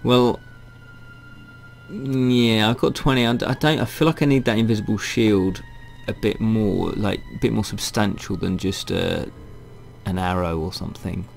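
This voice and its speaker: A man reads a fantasy game aloud and talks through his choices in a wry, chatty way. His voice sits low, with a gravelly grain. Faint game music plays underneath. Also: normal speed. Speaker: gaming channel host. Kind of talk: reading a game aloud with commentary.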